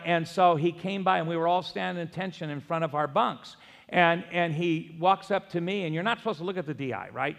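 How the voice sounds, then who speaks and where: An older male pastor delivers a sermon in a high, gravelly voice. He mixes scripture with folksy, self-mocking stories, and his words ring out with the long reverb of a church hall. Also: fairly bright tone. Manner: folksy storytelling, self-deprecating humor. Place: church sanctuary.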